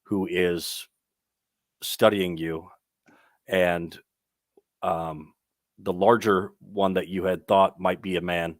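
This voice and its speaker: A man's voice: deep voice, flat delivery, slow pace, long pauses, no room sound, studio quality. A young man narrating a tabletop game as game master, rambling along with many ums and restarts.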